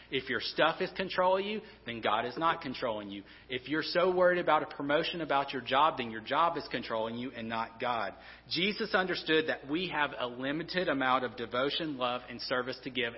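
A man preaching a sermon as a pastor, earnest and often stumbling over and repeating his words. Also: medium pitch. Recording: dull, reverberant hall sound.

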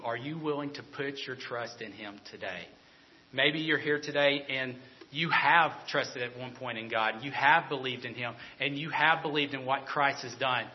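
A man preaching a sermon, animated and repeating himself, then dropping into a soft, earnest tone. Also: mid-range voice. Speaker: pastor. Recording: dull lo-fi sound.

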